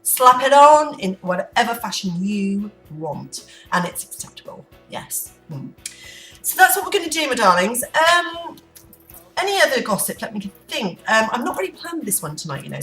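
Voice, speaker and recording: A woman's voice: medium pitch, sing-song, normal speed, fairly bright tone. A woman chatting to camera in a vlog at home, unplanned, rambling and playful. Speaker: vlogger. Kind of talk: unplanned casual chat to camera. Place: room at home. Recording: echoey room, distant mic, faint music.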